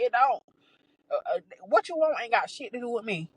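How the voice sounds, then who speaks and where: A young adult woman hosting a podcast, telling a story in a casual, animated, profane way, with many restarts and exasperated asides. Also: a little high, normal speed, no echo, low-quality recording. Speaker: podcast host.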